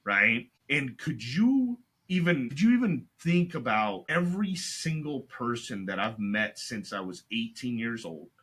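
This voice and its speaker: Unhurried and medium-pitched, with a breathy edge and few pauses, this middle-aged man is an entrepreneur guest swapping stories in relaxed conversation. He gets animated imitating customers, and "right?" and "like" run all through his talk.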